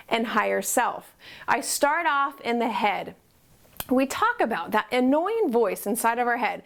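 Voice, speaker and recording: A woman speaking as a life coach, with a bright, high voice. She is encouraging and upbeat, and talks straight to the viewer, often asking them questions. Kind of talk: motivational promo talk to camera.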